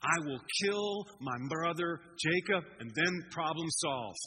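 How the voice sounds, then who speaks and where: A man's voice: fairly high pitch, animated, unhurried, big-room sound, background noise. A man voicing an impulsive young man who blurts out his words heatedly. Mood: vengeful. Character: impulsive hungry young man, later vengeful.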